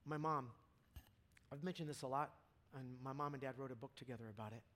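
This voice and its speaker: A man preaching a casual, impassioned sermon to a church audience, dropping to near-whispers and then rising to loud, fervent peaks. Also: medium pitch, fast, a little hiss or hum. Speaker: pastor.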